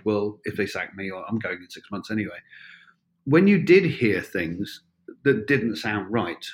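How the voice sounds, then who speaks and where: A man in his sixties, a former police officer telling wry, rambling stories with many fillers and restarts. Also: on the low side. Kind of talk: anecdotal storytelling.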